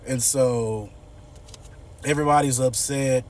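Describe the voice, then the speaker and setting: A man's voice: mid-range voice, fairly even intonation, takes it slowly, darkish tone, recorded from a distance, a little hiss or hum. A man casually recapping a TV episode in loose, slangy storytelling. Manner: loose slangy storytelling, acts out characters' lines. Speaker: TV episode reviewer.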